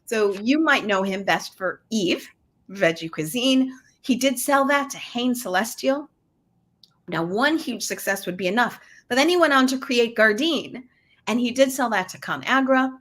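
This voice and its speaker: A woman's voice: on the high side, lively intonation, moderate pace, fairly bright tone. A woman hosting a business interview podcast, chatty and upbeat. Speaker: host.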